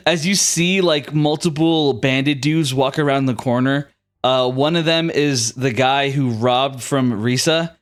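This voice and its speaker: A man's voice: mid-range voice, steady tone, a little slow. A man acting as game master who narrates a tabletop game in a rambling way, full of fillers and restarts.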